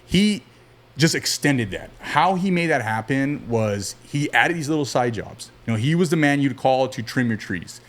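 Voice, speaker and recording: A man speaks as a podcast guest, at an ordinary middle pitch, his stories drifting through fillers and restarts. He talks casually, as if to a friend across the table. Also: normal speed. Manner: relaxed, rambling, frequent fillers and restarts. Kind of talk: casual storytelling interview.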